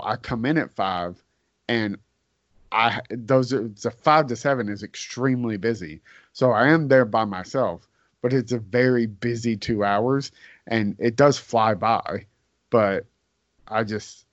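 Laid-back low-voiced man, dry audio. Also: unhurried, dry recording. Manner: laid-back storyteller, swears casually. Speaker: podcast co-host. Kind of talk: casual chat. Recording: dry, slightly dull podcast audio.

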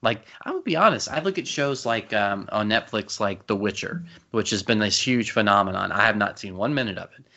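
A man with a lowish but bright, forceful voice chats excitedly on a podcast, rushing his words and restarting often. The sound is a little dull and lo-fi. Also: gravelly. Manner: fast, excitable, many restarts. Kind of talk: casual podcast chat.

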